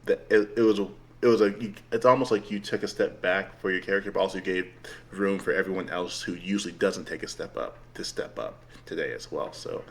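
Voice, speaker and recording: A man's voice: deep voice, fairly bright tone, slight background noise. A man chatting casually about a tabletop game as a player, rambling with lots of "like" and frequent laughs. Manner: rambling, heavy use of "like", laughs often. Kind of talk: casual post-game chat.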